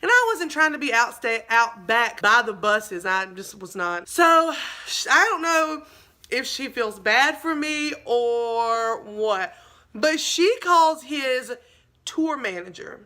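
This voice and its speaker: A young woman tells a storytime to her viewers. Her voice sits high and bright, and she talks in a chatty, dramatic way, calling her audience y'all. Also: lively intonation, takes it slowly. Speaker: vlogger. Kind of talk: storytime vlog.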